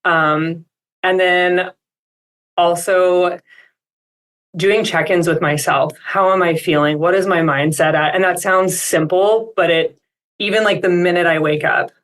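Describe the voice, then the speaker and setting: A woman's voice: on the low side, steady tone, measured pace, fairly bright tone. A woman speaking as an expert guest on a coaching call, reflective and upbeat, with many casual fillers.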